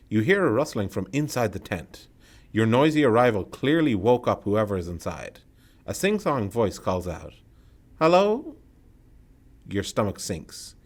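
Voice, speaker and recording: A man reading a solo tabletop horror game aloud and breaking off to comment on his choices. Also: lowish voice. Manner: reads the text aloud, then adds quick asides about his choices. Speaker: solo game player and narrator.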